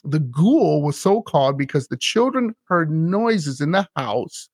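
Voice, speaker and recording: Man, podcast host, lively casual chat, slightly high voice, dry close sound. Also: measured pace, husky, no room sound. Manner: animated, laughs often, retells scenes with acted quotes.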